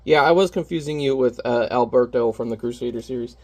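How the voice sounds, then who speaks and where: A man's voice: mid-range voice, fairly quick. A man who is a parent, chatting casually and candidly while painting on camera, rambling and self-deprecating. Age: adult parent.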